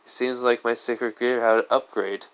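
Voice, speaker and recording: A man's voice: medium pitch, steady tone, normal speed, smooth, close to an everyday voice. A man voicing a confident young male hero in a fan story retelling, in a casual, matter-of-fact way.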